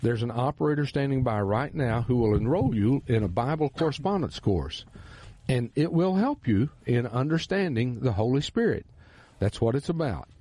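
This radio host and Bible teacher speaks at a moderate pace in a Texan drawl, teaching scripture with earnest emphasis. Lively pitch makes his voice rise and fall, and the tone is warm with a touch of huskiness. The studio recording is close, dry, and free of echo.

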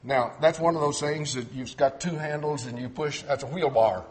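A man's voice: a little high, fairly even intonation, normal speed. A middle-aged man preaching a sermon in a folksy way, quoting scripture and mimicking other people's voices.

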